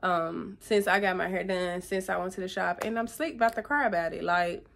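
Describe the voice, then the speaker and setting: A woman's voice: fairly low pitch, a little fast, creaky, fairly bright tone, a little hiss or hum. A young woman, chatting casually and emotionally to her viewers in a vlog. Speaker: vlogger. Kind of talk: casual chat to camera.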